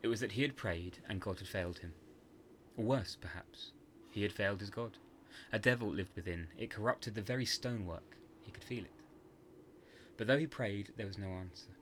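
Deep-voiced man narrating a dark tale. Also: slight background noise. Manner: measured, hushed dramatic storytelling. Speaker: podcast narrator. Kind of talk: scripted horror story narration.

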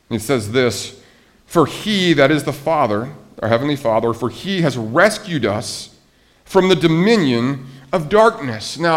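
In a medium-pitched voice, a male pastor preaches conversationally, animated and lively, asking his congregation rhetorical questions.

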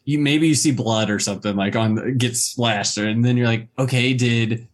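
A man's voice: medium pitch, normal speed. A man casually discussing a horror movie, hesitant and peppering his talk with fillers.

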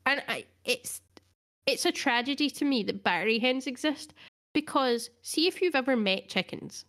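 A woman's voice: sits high, expressive, normal speed, a bit bright. A woman co-hosting a casual podcast chat, talking earnestly and laughing often. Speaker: podcast co-host.

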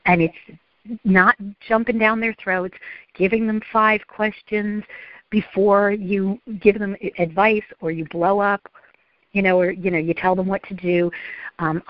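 A woman's voice: on the low side, moderate pace, dry recording, highs cut off. A woman therapist and speaker, a guest in an interview, telling stories and acting out the voices of parents and kids. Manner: animated storyteller acting out parent and child voices. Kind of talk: interview conversation.

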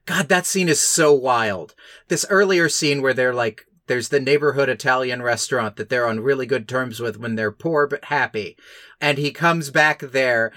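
A man's voice: mid-range voice, moderate pace, bright, forceful tone, dry recording, studio quality. Sarcastic man recapping a film. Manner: sarcastic, mocking recap with many asides. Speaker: podcast co-host. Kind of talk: casual chat, film recap.

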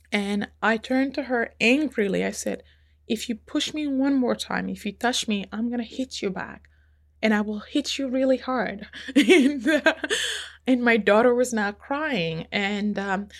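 A woman telling a personal story in a conversation, with a fairly high voice that has a gravelly, fried edge. She gets emotional and acts out what each person said, often restarting her sentences as she goes. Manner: emotional, re-enacts dialogue with quoted voices; repeats and restarts while recounting. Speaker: interview guest.

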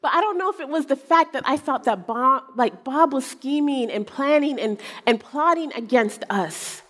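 A woman preacher telling a personal story in a sermon, animated and self-mocking, acting out the people in it. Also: sits high, normal speed. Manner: animated, acts out quotes, self-mocking humor. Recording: long hall reverb.

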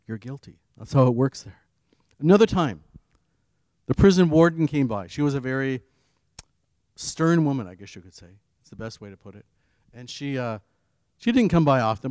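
A man's voice: mid-range voice, smooth, dry recording. Earnest man preaching, dry room. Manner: earnest, rising on key phrases and dropping to quiet asides. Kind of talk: devotional sermon with personal testimony.

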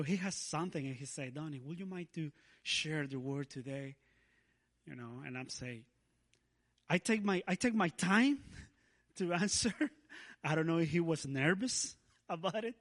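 A man preaching a sermon as a guest in a church, speaking haltingly with frequent restarts and laughs. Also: a little high, a bit bright.

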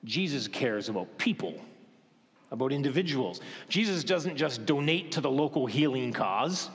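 Male pastor, mid-pitched, preaching with questions and hushed asides, long church reverb. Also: animated. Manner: questioning, dramatic pauses, softens to a hush for gentle moments. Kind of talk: sermon.

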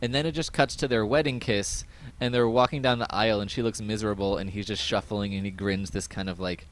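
A man's voice: lowish voice, fairly even intonation, fairly quick, slight background noise. Casual man recapping with lots of fillers. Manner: rambling recap with filler words and brief quoted voices. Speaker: podcast host recapping an episode. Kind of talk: casual chat.

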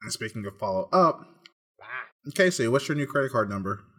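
A man co-hosting a casual podcast, cracking dry, low-key jokes. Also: lively intonation, fairly quick, husky. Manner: dry, quietly joking. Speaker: podcast co-host. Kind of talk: casual chat.

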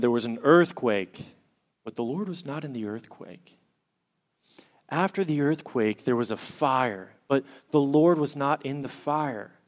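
Earnest man preaching a sermon. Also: mid-range voice. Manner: earnest, explanatory, reads scripture aloud. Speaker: pastor.

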